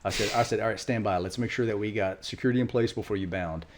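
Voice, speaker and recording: A middle-aged man, a retired Marine, telling war stories quickly in an interview, acting out quotes. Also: lowish voice, crowd noise. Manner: fast, animated war storytelling with acted quotes. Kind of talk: storytelling interview.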